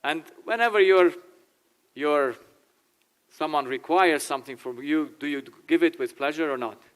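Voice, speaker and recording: An older German-speaking man gives an animated talk to a church audience, laughing often and slipping into little acted dialogues. His voice sits a touch high for a man. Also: normal speed, clear, resonant tone. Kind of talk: informal talk with acted quotes.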